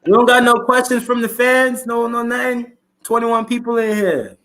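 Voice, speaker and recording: A man's voice: very high voice, fairly even intonation, normal speed, pushed and bright. A man co-hosting a casual sports chat, laid-back and repeating himself. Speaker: co-host.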